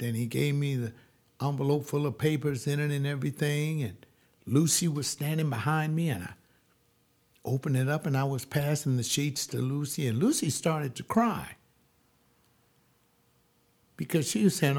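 A male pastor telling a personal testimony like a sermon, emphatic and drawing out key words slowly. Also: a little high, animated, a little mellow.

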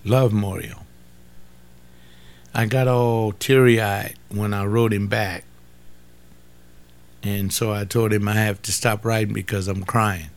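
A man's voice: fairly low pitch, fairly even intonation, slow pace, long pauses. An older man giving an informal sermon, repeating phrases for emphasis and talking straight to his listeners. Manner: repetitive, emphatic, conversational preaching. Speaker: pastor.

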